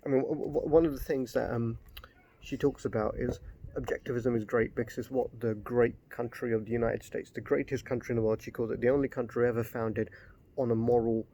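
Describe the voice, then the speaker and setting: A man's voice: mid-range voice, steady tone, brisk, dark tone. A middle-aged man giving a casual spoken book review, rambling, getting worked up and swearing.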